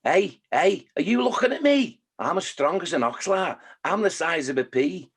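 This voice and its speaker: Man putting on a tiny angry ant, Liverpool accent, cocky, looking for a fight, slightly raised pitch. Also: animated, normal speed, gravelly, slightly rough, full character voice. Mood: cocky, aggressive. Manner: boastful, picking a fight. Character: small angry tough male ant.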